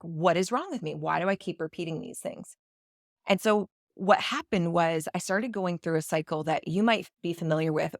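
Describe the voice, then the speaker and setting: A woman's voice: on the low side, no room sound, clean studio sound. A woman hosting her own podcast, candidly telling a personal story and acting out the lines of the people in it. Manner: candid, confessional, acts out quoted dialogue. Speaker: podcast host.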